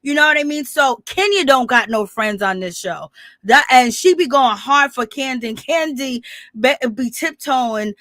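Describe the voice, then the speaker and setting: A woman's voice: a little high, a bit bright, no echo, studio quality. A woman recapping a reality TV show in a casual, rambling, opinionated way, often laughing as she talks. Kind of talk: casual commentary.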